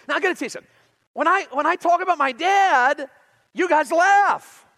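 A middle-aged man preaches with a notably high voice for a man, telling stories in an animated way. He moves between loud bursts and quiet, low passages. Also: normal speed, low-quality recording. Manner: animated storytelling with big swings in loudness. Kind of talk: sermon.

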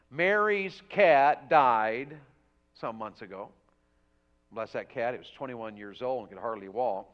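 A man preaching a revival sermon in a church, telling a homey story and building to loud, fervent exhortation. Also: mid-range voice. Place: church sanctuary. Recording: dull lo-fi church audio.

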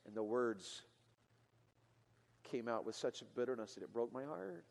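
Male preacher, mid-pitched, earnest sermon delivery swinging from loud peaks to hushed lines, recorded with long hall reverb. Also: expressive, measured pace, creaky. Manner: earnest, building to loud emotional peaks then dropping quiet. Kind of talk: sermon storytelling.

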